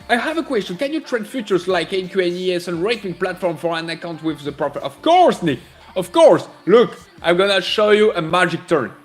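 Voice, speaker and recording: A man hosting a live trading stream, reading out chat and laughing often. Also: sits high. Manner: playful, laughs often, reads chat messages aloud.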